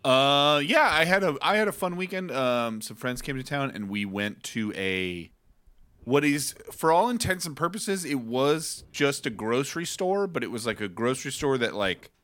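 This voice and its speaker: A man in his thirties co-hosting a podcast, animated and swearing for laughs in casual chat. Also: mid-range voice, moderate pace. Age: 30s. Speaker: podcast co-host.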